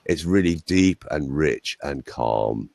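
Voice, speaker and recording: A male voice coach with a standard Southern English accent, telling anecdotes in an animated way and mimicking voices. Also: extremely low pitch, slow pace, no room sound, studio quality. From Ireland. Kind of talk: interview, anecdotal chat.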